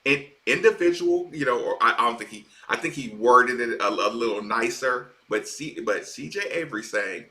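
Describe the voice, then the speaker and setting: A man talking football as a sports-talk co-host, animated and often restarting his sentences. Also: medium pitch, normal speed. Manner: animated, repeats words as he restarts.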